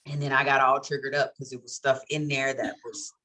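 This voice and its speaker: A woman's voice: extremely low pitch, level tone, fairly quick, bright, forceful tone. A woman co-hosting a casual chat, telling her story candidly and laughing often. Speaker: co-host.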